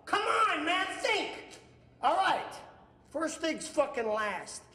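An actor playing a brash, hot-tempered gangster who swears, blusters and mocks in film dialogue. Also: male voice, very high-pitched, big pitch swings, slow pace, sharp tone, full character voice. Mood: shouting. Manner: profane, blustering, sarcastic. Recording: echoey film soundtrack with long reverb.

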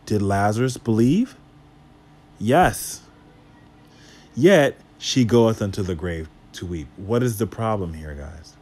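Male Bible teacher, lowish voice, reads verses then explains, casual and questioning. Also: expressive, takes it slowly, long pauses, a little mellow, husky. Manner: casual asides to the listeners.

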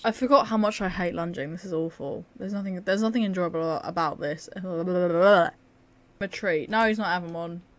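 A woman's voice: on the low side, moderate pace. A tired young woman giving casual, sarcastic, self-mocking commentary over her gameplay. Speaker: gaming video creator.

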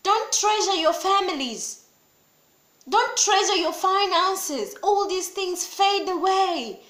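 Woman preacher, very high and sharp voice, insistent repetitive sermon delivery. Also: lively intonation, takes it slowly, echoey room. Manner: emphatic and repetitive, swinging from loud pleading to low grave tones.

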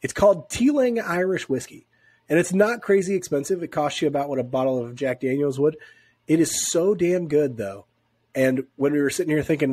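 On the high side and a little fast, his husky voice has a darkish tone and is recorded dry. He's a sick, stuffed-up sports podcast co-host at home, relaxed and rambling, laughing a lot as he drifts into side comments.

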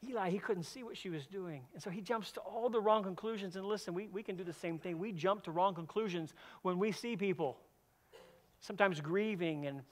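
High-voiced man preaching a sermon. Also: brisk. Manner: earnest storytelling, often repeats a word when starting a phrase; swings between louder emphatic stretches and hushed, soft passages. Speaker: senior pastor.

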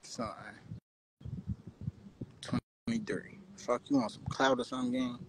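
A man's voice: medium pitch, steady tone, a little slow, slight background noise, poor audio. A young man talking loosely into his phone on a livestream, taunting viewers in brash street slang. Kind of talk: casual livestream talk.

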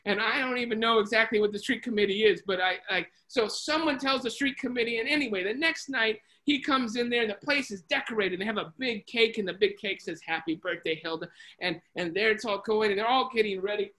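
A Bible study leader retelling a story in a lively, chatty way, full of restarts and acted voices. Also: medium pitch, fairly quick, low-quality recording. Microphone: video call.

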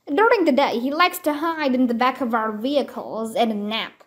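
A woman's voice: high-pitched, normal speed, natural voice. A woman voicing a firm, caring female wildlife ranger who explains patiently.

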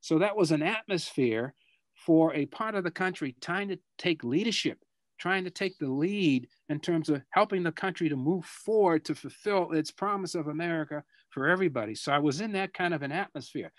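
An older man from Boston with a Boston accent answers students' questions as a guest speaker on a video call. He is reflective and halting, often repeating words as he searches for them. His voice is fairly high and expressive, with no room sound.

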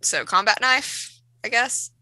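A woman's voice: fairly high pitch, slow pace, bright, forceful tone, no room sound, rough recording. A woman playing a tabletop game, blunt and swearing, in casual chat. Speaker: player.

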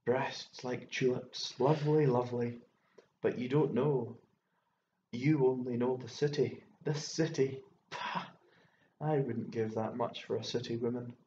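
A fussy old bachelor, voiced by a male reader, rattles on in an exclamatory, rambling way, tripping over words when he gets worked up. The delivery stays flat and mellow. The audiobook recording sounds roomy and dull, with a faint hiss beneath. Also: medium pitch, a little slow, natural voice. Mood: leering. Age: older. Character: fussy elderly male bachelor landowner, excitable.

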